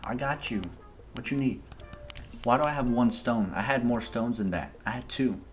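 A man hosting a gaming video, giving excitable, slangy let's-play commentary straight to his viewers. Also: mid-range voice, normal speed, slight background noise. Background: game music.

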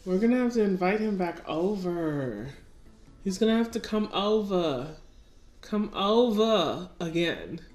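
A woman with a mid-range, slightly mellow voice sounds animated but talks a little slowly. As a let's-play gamer, she chats casually about her gameplay and speaks to her characters, with faint music in an echoey room.

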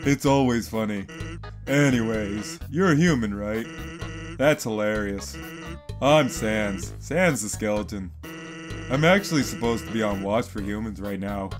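A relaxed, joking skeleton voiced by a man, pitched low, drawling his words. Faint game music plays in the background. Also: measured pace. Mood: laid-back. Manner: low lazy drawl, some lines whispered. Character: lazy joking skeleton, male, laid-back.

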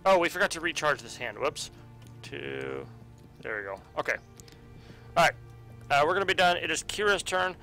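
Man, game host, bright tone, fairly high voice, reads cards aloud, counts dice. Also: lively intonation, normal speed, pauses often, soft background music. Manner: patient with a child at the table. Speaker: host running the card game. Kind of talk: tabletop game playthrough chat.

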